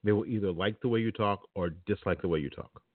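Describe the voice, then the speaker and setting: Blunt deep-voiced man on a phone line. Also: quick pace, no room sound. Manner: blunt and opinionated, speaks directly to listeners. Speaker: podcast talk-show host. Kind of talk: casual spoken monologue.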